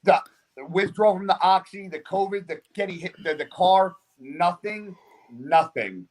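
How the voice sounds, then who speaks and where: Young male podcast guest, fairly high voice, cursing, laughing storyteller. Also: a little slow. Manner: profane, animated storyteller who often laughs mid-sentence. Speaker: guest, professional bodybuilder.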